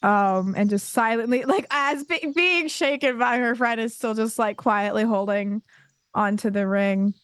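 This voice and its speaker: A woman playing a tabletop role-playing game, speaking quietly and hesitantly with many fillers. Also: fairly high pitch, unhurried, clean tone, dry recording. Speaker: player.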